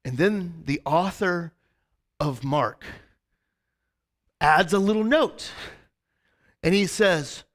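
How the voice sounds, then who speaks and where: A male pastor spins a rambling, animated story in his sermon, tossing "right?" to the congregation again and again. His voice sits high and sounds sharp and bright. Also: takes it slowly, pauses often. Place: church service before a congregation.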